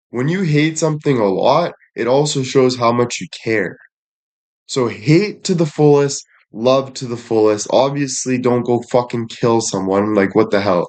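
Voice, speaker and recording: Young dude ranting at chat, swears a ton, blunt, keeps repeating himself. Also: male voice, medium pitch, darkish tone. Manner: blunt, repetitive, heavy swearing. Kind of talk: profane rant to viewers.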